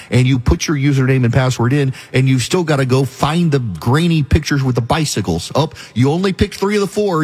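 A man hosts a talk radio show, arguing his opinions in a long, emphatic monologue. His voice is somewhat husky and sits at an ordinary middle pitch for a man. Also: darkish tone.

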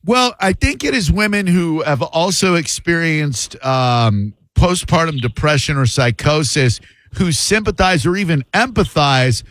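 A man hosting a talk radio show, chatting with callers in a joking, quick-to-laugh way. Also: fairly high pitch, expressive, a bit bright, dry recording. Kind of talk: casual on-air phone chat.

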